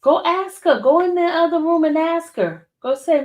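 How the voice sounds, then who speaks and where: A woman's voice: extremely high pitch, normal speed, darkish tone. A woman chatting casually with her viewers and teasing her dog with playful questions.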